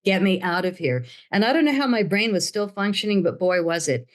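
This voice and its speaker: Older woman, interview guest, animated storyteller who plays out every quote. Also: medium pitch, brisk. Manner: dramatic, acts out quoted voices.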